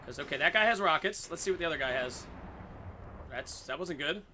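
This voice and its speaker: A man giving goofy, excitable commentary over his own gameplay, swearing in silly made-up phrases. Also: on the high side, fairly quick, a little hiss or hum.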